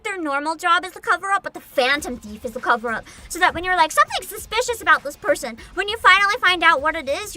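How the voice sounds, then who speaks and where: A woman livestreamer with a lively, bouncing delivery, chatting casually with her viewers. She is excitable and giggly, breaking into hums and squeals. Faint music plays behind her. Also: very high-pitched. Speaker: streamer reacting to a game showcase. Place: home streaming setup.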